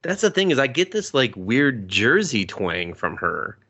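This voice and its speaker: A man co-hosting a podcast, recapping a film in casual, profane chat and jumping up high in pitch for jokes. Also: big pitch swings, unhurried, bright, forceful tone. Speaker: podcast co-host. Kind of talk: casual movie review chat.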